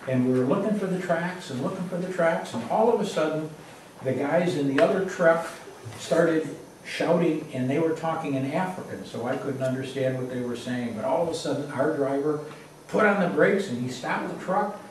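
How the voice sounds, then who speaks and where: In a very echoey room with a distant mic and faint noise, a man casually tells a personal anecdote. His voice is a little high and moves at a moderate pace, and his plain, repetitive telling builds suspense as the storyteller.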